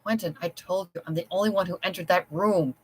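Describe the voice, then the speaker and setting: A reader voicing a frightened, gentle young wife in an audiobook story, pleading. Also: medium pitch, fairly even intonation, brisk, slightly rough, close to an everyday voice, rough recording. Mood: desperate.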